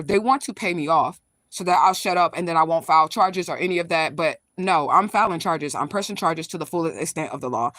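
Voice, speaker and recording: A fast-talking spiritual vlogger recounting a story straight to a live audience, blunt and emphatic, with plenty of swearing. The voice is close and dry, with no room sound around it. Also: mid-range voice, fairly bright tone, no echo. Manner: blunt, profane, emphatic retelling; talks straight to viewers, reacts to live comments. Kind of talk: casual livestream storytelling.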